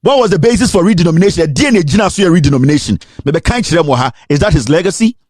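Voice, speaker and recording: A Ghanaian man delivers a fiery political rant, his fairly high, slightly mellow and breathy voice leaping up and down as he races through repeated rhetorical questions. He's animated, switching between English and Twi, sometimes in a sing-song lilt. The recording is dry and close, with no room around it.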